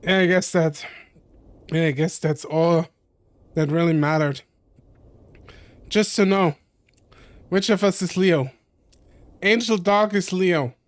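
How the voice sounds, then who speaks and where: Young male streamer, reading a visual novel aloud, stumbles and self-corrects, slightly high voice, dry close sound. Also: takes it slowly, pauses often, no echo.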